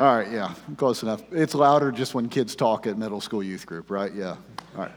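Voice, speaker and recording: A male pastor preaching a sermon in church into a microphone, filling his talk with "uh" and moving between loud rallying and hushed prayer. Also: medium pitch, lively intonation, moderate pace, a little hiss or hum. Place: church sanctuary. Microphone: handheld microphone. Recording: long hall reverb.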